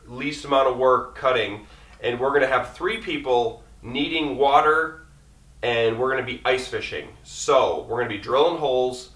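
A man talking quickly and casually through his camping gear, rambling as he goes. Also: mid-range voice, sharp tone, distant mic. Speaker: outdoor vlogger. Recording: echoey room, mic set back.

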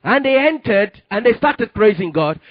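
A man preaching a sermon and telling his testimony, with emphatic delivery that rises to sudden loud peaks. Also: sits high, sing-song, moderate pace, no room sound, lo-fi sound. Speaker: pastor.

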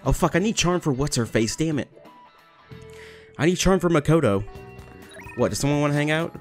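A man's voice: on the high side, animated, brisk, soft background music. A young man giving casual, joking commentary while playing a video game, laughing often and swearing freely. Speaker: let's play gamer.

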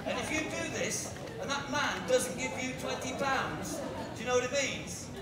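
A man performing a crowd-work street show outdoors, loudly bossing and teasing his volunteers. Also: very high voice, moderate pace, heavy background noise. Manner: loud, bossy and teasing with volunteers. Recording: distant echoey outdoor sound with loud crowd.

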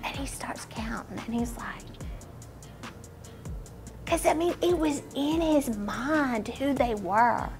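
Woman, children's Bible storyteller, animated with whispered asides, slow and slightly high. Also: soft background music. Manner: animated, dropping to whispers for emphasis. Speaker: children's ministry teacher.

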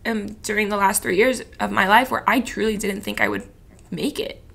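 Young woman in her 20s on a podcast, crisp bright voice, talks in loops full of "like", pretty emotional. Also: medium pitch, moderate pace. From Florida, USA. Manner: rambling and emotional, heavy use of "like". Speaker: podcast guest. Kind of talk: casual candid chat.

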